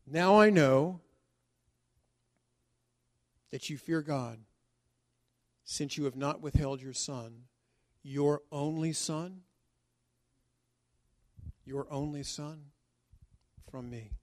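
A man voicing a male angel who calls out from heaven, loud and proclaiming. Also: a little high, slow pace, long pauses.

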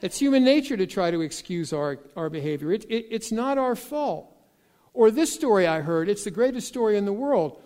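A man's voice: high-pitched, lively intonation, normal speed, a little mellow, in a large hall. A man preaching a sermon, telling folksy joke stories and acting out the dialogue with animation. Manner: folksy storytelling with jokes.

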